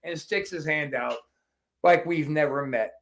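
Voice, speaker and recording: A male podcast host with a slightly high voice tells stories brashly and animatedly, swearing freely through casual chat. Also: measured pace. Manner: brash, profane, animated storyteller.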